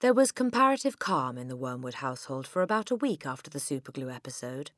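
A woman narrating a children's storybook in a crisp, expressive reading. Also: very deep voice, fast, dry recording, studio quality. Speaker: audiobook narrator.

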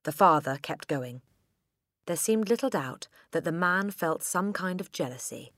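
A woman narrating a children's storybook in a crisp, expressive reading. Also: lowish voice, measured pace, dry recording, clean studio sound. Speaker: audiobook narrator.

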